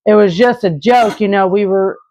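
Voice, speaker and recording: There's background noise behind this medium-pitched woman, who talks at a normal speed. In her thirties and from Arkansas, she rambles earnestly through a laid-back Q&A with viewers, peppering it with fillers and false starts.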